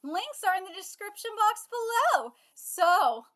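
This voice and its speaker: Very high, bright-voiced excitable woman. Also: unhurried. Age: 30s. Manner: excitable, swearing, shouting and gushing. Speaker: manga reaction youtuber. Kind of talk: live reaction commentary. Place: home setup with her cat.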